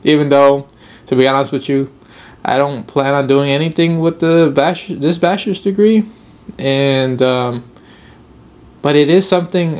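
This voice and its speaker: A man's voice: medium pitch, darkish tone. A young man hosting his own video podcast, talking casually in a rambling, upbeat way and laughing easily. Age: young adult. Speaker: podcast host.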